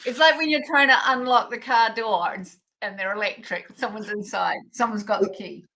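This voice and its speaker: A woman's voice: fairly high pitch, normal speed, sharp tone, low-quality recording. A woman with a New Zealand-British accent, a foundation executive speaking as a guest over a remote call, articulate and wry as she explains things. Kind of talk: interview answers.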